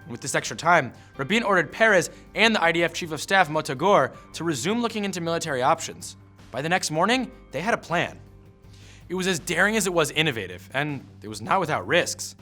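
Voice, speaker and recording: Fast, bright-voiced male history narrator. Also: a little high, sing-song, soft background music. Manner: brisk, punchy storytelling with wry asides. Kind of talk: scripted narration.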